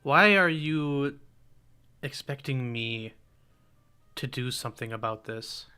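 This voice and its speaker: Anxious male farmer, as a man puts him on, bright forceful tone, slow pleading delivery, tabletop role-play. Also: mid-range voice, clear, resonant tone. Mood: defensive. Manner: pleading, worried questioning.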